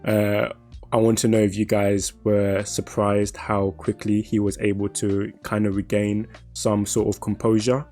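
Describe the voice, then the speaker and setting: A man co-hosting a podcast, reflecting slowly on an anime with many fillers, and steering the talk with questions. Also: lowish voice, flat delivery, a little mellow, soft background music. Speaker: podcast co-host. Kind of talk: casual anime discussion.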